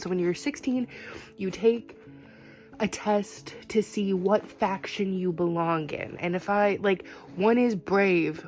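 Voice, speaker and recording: A woman's voice: mid-range voice, darkish tone. A woman talking casually in a reading vlog, rambling with lots of "like" fillers. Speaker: reading vlogger.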